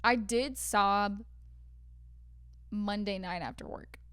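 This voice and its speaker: A young woman co-hosts a podcast, slowly telling film-set anecdotes in a chatty, casual way full of "like" fillers. Her mid-range voice is fairly bright, clear, and resonant, recorded in clean studio sound with no room noise.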